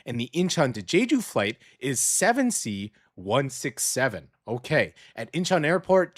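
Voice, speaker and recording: A man's voice: medium pitch, fairly bright tone. Rambling chatty radio host man. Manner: rambling, chatty, many fillers and restarts. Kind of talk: casual news chat. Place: small radio studio. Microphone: studio mic.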